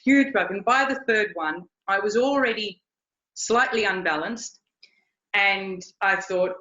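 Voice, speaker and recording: A woman's voice: medium pitch, measured pace, pushed and bright. A woman riding instructor telling a story in a recorded interview, earnest, often repeating her words. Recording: echoey, dull lo-fi sound.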